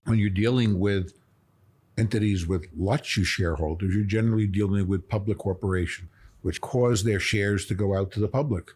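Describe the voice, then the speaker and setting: Male lawyer on a panel, low and husky, lays out cases through plain analogies. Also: darkish tone. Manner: explains with everyday analogies. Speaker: business lawyer. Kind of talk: panel discussion.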